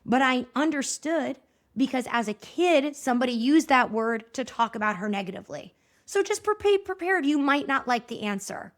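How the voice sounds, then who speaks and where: A high-pitched woman in her thirties hosts a solo podcast talk. She speaks to her listeners directly, in a chatty, animated, encouraging way. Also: moderate pace. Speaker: podcast host.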